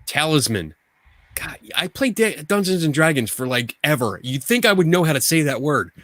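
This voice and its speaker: A man's voice: fairly high pitch, sing-song, a little fast, fairly bright tone, no room sound. Casual podcast co-host, a man who rambles and restarts his sentences, recorded dry and close. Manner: rambling, frequent restarts and profanity.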